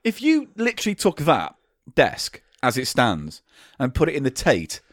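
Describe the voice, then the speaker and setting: A man co-hosting a comedy podcast, joking and laughing through quick banter. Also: medium pitch, wildly swooping pitch, a bit bright, dry recording, clean studio sound. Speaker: podcast co-host. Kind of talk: casual comedy chat.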